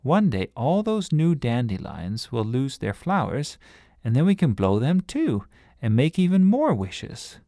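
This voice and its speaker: A man's voice: medium pitch, huge pitch swings, unhurried, mellow, no room sound, studio quality, voice pushed up. A man reading a storybook aloud and voicing a curious, chatty young girl who is pleased with her own cleverness. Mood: proud.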